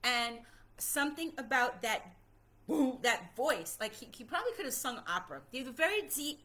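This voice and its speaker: A woman telling a personal childhood story in an animated, conversational way, often repeating herself for emphasis. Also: high voice, a little fast. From Puerto Rico.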